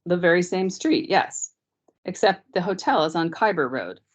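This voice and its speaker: A woman's voice: lowish voice, expressive, normal speed. A woman reading aloud, voicing a polite but grave, self-important male police officer in his thirties, on dull lo-fi meeting audio.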